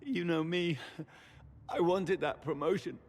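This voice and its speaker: An actor playing a dying, tortured male knight who is weak and in pain, speaking in a strained, gravelly whisper in halting, broken phrases. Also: on the high side, faint music behind. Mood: pleading. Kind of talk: video game voice acting.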